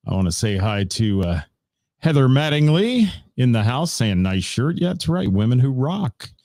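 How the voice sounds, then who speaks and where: A man's voice: on the low side, a little mellow, dry recording, studio quality. A middle-aged man hosting a live-streamed radio show, rambling casually with lots of fillers as he greets viewers by name. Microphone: studio mic.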